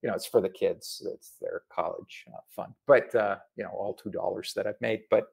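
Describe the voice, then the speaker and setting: A middle-aged man from Massachusetts, an author chatting in an interview, animated and full of asides. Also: on the low side, moderate pace, gravelly, husky. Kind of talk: casual video interview.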